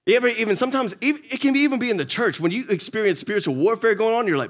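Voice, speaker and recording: A man's voice: sits high, very fast, few pauses. A male pastor with a Southern US accent, preaching a sermon and acting out the characters in his stories. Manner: animated storytelling, acts out characters.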